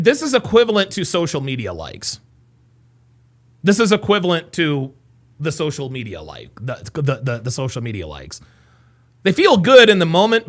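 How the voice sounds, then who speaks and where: A man's voice: fairly high pitch, a bit bright. A man hosting a live stream, reacting to clips with exasperated, profane commentary.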